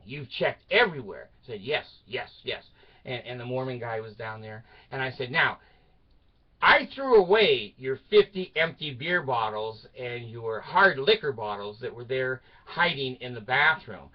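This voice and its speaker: An older man telling a rambling personal story to his channel, laughing at his own jokes and swinging between loud outbursts and mutters. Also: medium pitch, muffled recording. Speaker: video channel host.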